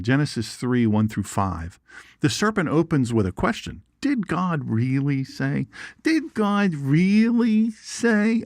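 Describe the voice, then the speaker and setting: A man's voice: high-pitched, vocal fry, no echo, studio quality. A man hosting an informal Bible teaching show, folksy and chatty, with jokes and asides. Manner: folksy and animated, asides and jokes, reads viewer comments.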